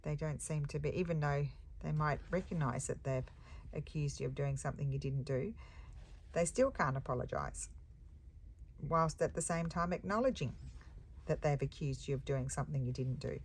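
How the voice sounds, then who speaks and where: A woman's voice: low voice, normal speed, slight background noise. A woman crafter chatting casually while she stitches, rambling and thinking aloud with hums and ums. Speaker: embroidery crafter and shop owner.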